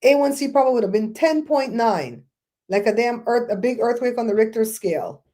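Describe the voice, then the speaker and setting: A woman's voice: fairly high pitch, animated, a little fast, mellow. A middle-aged woman hosting a casual talk show, ranting bluntly and telling stories with mocking quoted voices. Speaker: host.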